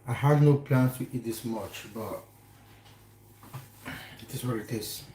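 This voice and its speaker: A man's voice: mid-range voice, unhurried, dark tone, a little hiss or hum. A young man from Cameroon hosting a casual livestream from his kitchen, chatting with and teasing viewers by name as he reads their comments. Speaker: livestream host. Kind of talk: casual live chat reading viewer comments. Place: home kitchen. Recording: echoey kitchen room.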